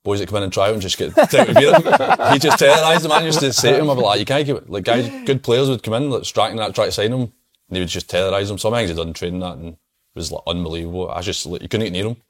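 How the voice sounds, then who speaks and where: Fast-talking Scottish man, low voice. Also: expressive. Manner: storytelling, laughs often. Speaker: former footballer, guest. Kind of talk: casual chat.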